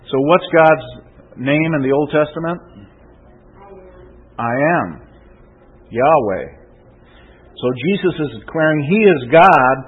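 A man's voice: a little high, breathy edge, phone-quality sound. A male pastor delivering a conversational sermon that swells into emphatic preaching, often checking in with "okay?" and "right?".

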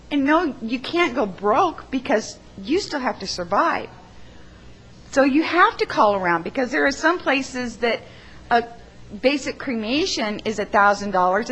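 A woman who works as a funeral arranger, sharing an earnest, emotional testimony in church, halting at times. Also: high-pitched, a bit bright, low-quality recording.

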